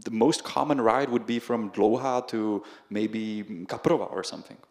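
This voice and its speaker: A man's voice: lowish voice, normal speed. A young man from the Czech Republic with a Czech accent, a guest in a casual interview who tells stories with lots of laughter and acts out the people he quotes. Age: young adult. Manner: animated, laughs often, acts out quoted voices. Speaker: guest, video creator. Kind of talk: casual storytelling conversation.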